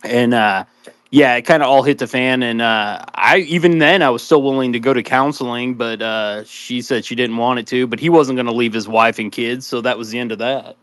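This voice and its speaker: A man's voice: medium pitch, moderate pace, fairly bright tone, no room sound. Middle aged guy on a podcast, candid, lots of uhs, dry close sound. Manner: candid, joking, trailing off with fillers. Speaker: podcast panelist. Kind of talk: casual group chat.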